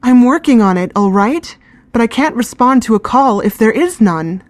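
A woman's voice: fairly high pitch, very animated, measured pace, slightly rough, no room sound, voice pushed up, full character voice. A woman voicing an anxious, stubborn teenage girl who pleads and insists, close to tears. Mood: pleading.

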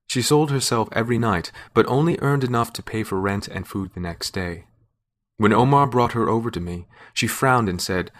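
Lower-voiced man reading a story. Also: normal speed. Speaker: story narrator. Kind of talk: scripted narration.

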